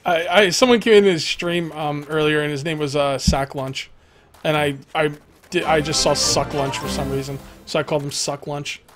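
A man's voice: on the high side, fairly even intonation, normal speed, fairly bright tone, soft background music. A young man streaming a survival game live, rambling, joking, thanking followers and swearing at the game.

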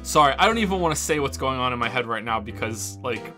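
A man streaming a game and commenting casually, rambling into excited asides and swearing freely. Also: mid-range voice, fast, faint music behind. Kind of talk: casual live gameplay commentary.

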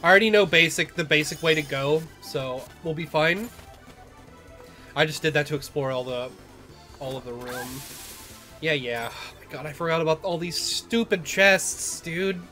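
A man's voice: on the high side, moderate pace, pushed and bright. Rambling, swearing young gamer guy. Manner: rambling, self-deprecating, swears often. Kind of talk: casual let's-play commentary. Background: game music.

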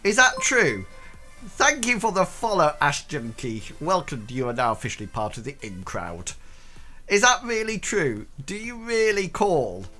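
Male streamer, fairly high, bouncy voice, jokey and self-mocking. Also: pushed and bright. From United Kingdom. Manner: playful, self-mocking, chatty. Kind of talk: casual game stream chat.

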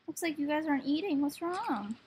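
A woman's voice: sits high, expressive, brisk, darkish tone, a little hiss or hum. A young woman giving casual gameplay commentary, often cooing baby talk at the creatures on screen. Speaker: gaming video host.

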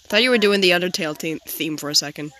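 A woman's voice: on the low side, very fast, bright, forceful tone. A young woman chatting casually and teasing a friend while building in a game. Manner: joking, teasing, playful silly voices. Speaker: video creator.

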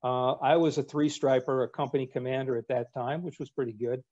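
A man in his sixties, a retired navy captain, spins wry anecdotes at an easy pace, dropping in casual fillers as he goes. His voice is warm and mellow, sitting at an ordinary middle pitch. The recording sounds a little dull and lo-fi. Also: a little fast. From United States. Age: 60s. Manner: wry, relaxed storyteller with fillers. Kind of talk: anecdotal storytelling talk.

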